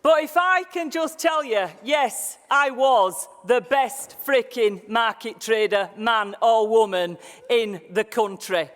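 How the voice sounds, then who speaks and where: A woman's voice: fairly high pitch, takes it slowly. A middle-aged woman with a Yorkshire accent giving a motivational keynote speech on sales, blunt and jokey with mild cursing. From Yorkshire, England. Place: large conference hall. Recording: reverberant conference hall.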